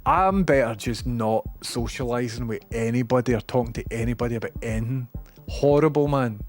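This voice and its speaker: A man's voice: medium pitch, a little fast, soft background music. A man with a Scottish accent chatting casually on a livestream, rambling, sweary and self-deprecating.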